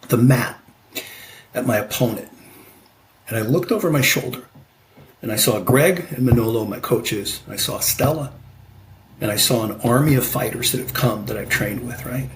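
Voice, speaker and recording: A man's voice: mid-range voice, creaky, a little hiss or hum, low-quality recording. Passionate fifty-something man telling stories. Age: 50s. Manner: passionate, emphatic, repeats "right?". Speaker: podcast guest, amateur fighter. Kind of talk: conversational storytelling.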